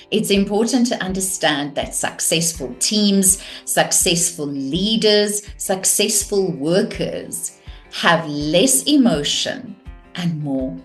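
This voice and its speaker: A woman teaching a course on communication, calm and measured, showing vocal techniques. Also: sits low, faint music behind. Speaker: communication coach.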